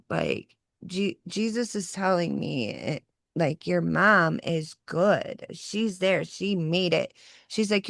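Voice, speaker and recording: Woman in her forties, podcast guest, low gravelly voice, lively storyteller who acts out quotes, dry close sound. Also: no room sound. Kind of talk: personal storytelling in casual conversation.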